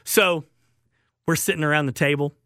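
Southern male radio host, bright and slightly high, rambling and chuckling, dry studio sound. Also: fairly even intonation, moderate pace, dry recording. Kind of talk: call-in radio storytelling.

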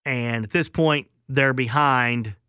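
A male sports talk host with a bright, forceful tone and a mid-range pitch. He sounds opinionated and emphatic, punching key words and letting phrases sink quietly at the end. The sound is dry and close. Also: slow pace, smooth, dry recording.

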